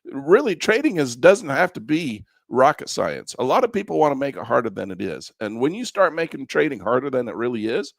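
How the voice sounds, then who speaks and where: Male instructor, gravelly and lively, folksy coaching tone, dry close recording. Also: mid-range voice, dry recording. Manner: folksy, repetitive coaching with chuckles. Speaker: trading instructor. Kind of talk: live screen-share trading class.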